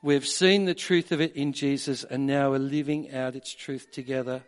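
A man preaching a sermon, measured at first and building to emphatic peaks. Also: mid-range voice, fairly even intonation. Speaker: pastor.

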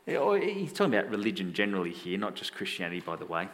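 A man preaching in a conversational, self-deprecating way, telling stories and getting animated when he quotes people. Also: low voice, fast talker. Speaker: pastor. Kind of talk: sermon storytelling. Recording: long hall reverb.

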